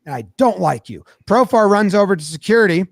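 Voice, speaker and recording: A man recapping a baseball game in a casual, animated way, storytelling with lots of energy. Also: high-pitched, a little fast, creaky, no echo, studio quality. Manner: animated storytelling, acts out players' voices. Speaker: sports commentator.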